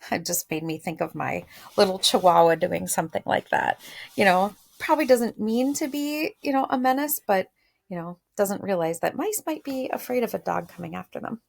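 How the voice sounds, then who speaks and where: Lady teacher reading a story out loud and explaining words, chatty, a bit of gravel in her voice. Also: medium pitch, moderate pace. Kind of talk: read-aloud lesson with commentary.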